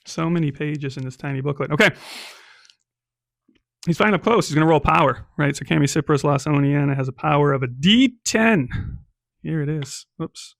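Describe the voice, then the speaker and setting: A man's voice: fairly high pitch, expressive, normal speed, vocal fry, a bit bright, no room sound, clean studio sound. A man narrating a solo tabletop game as game master, casual and chatty, peppering his telling with "right?" and "um".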